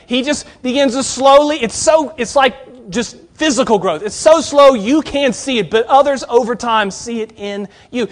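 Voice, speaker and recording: A man preaching to Bible college students, conversational and earnest, with a delivery that moves between emphatic and hushed. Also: extremely high pitch. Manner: direct address to students. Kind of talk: sermon.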